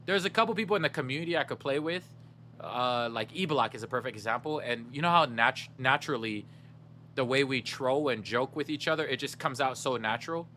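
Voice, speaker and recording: A man's voice: mid-range voice, a little fast, pushed and bright, a little hiss or hum. A young man streaming a game, chatting casually with his viewers in a laid-back, slangy way and laughing often.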